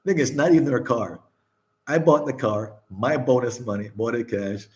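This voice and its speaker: A man's voice: mid-range voice, normal speed. An older man hosting a casual chat, talking candidly, laughing often, swearing and repeating himself. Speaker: vlog host.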